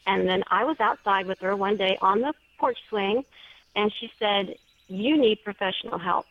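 A woman guest on an interview show, who writes paranormal stories, recounts a personal experience in a chatty way with small restarts. Her voice is medium-pitched and fairly bright, at a moderate pace, with no echo, though the dry lo-fi recording sounds slightly dull.

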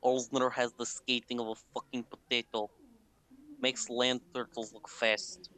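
A blunt young hockey defenseman with a clumsy, over-the-top Russian accent, put on by a man. The voice is bright and forceful. It reads out short answers flatly. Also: medium pitch. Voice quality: deliberately bad Russian accent.

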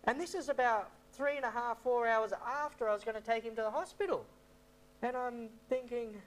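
A man's voice: very high-pitched, a little fast. Rambling man telling a story. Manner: rambling, repeats himself, many fillers. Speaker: missionary. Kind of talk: storytelling testimony talk.

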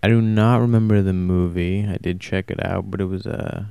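A man talking alone in a casual, rambling monologue, flat and self-described as monotone, often stopping to correct himself. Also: deep voice, moderate pace, vocal fry, clean tone, no room sound. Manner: casual, swears. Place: warm indoor room.

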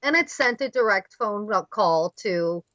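A woman's voice: mid-range voice, expressive, unhurried, fairly bright tone, no room sound, lo-fi sound. A woman co-hosting a podcast in casual chat, a giggly storyteller who leans on filler words. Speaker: podcast co-host.

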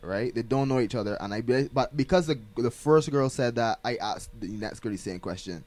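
A man's voice: medium pitch, brisk, darkish tone, no echo, faint music behind. A young man, a podcast co-host who asks probing questions in casual chat.

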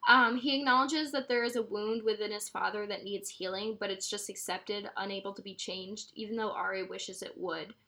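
A woman's voice: mid-range voice, steady tone, normal speed, hardly any pauses, pushed and bright. A young woman reading passages from a novel aloud and discussing them, stumbling over words as she goes. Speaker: podcast co-host reading aloud.

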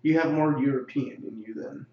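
A man's voice: on the high side, normal speed, roomy sound, lo-fi sound. A man in a casual chat, teasing his friend with crude jokes.

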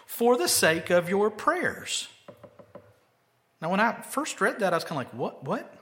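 High, animated preacher. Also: male voice, a little slow. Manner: conversational, emphatic, rhetorical questions to the congregation. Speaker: pastor. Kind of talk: sermon.

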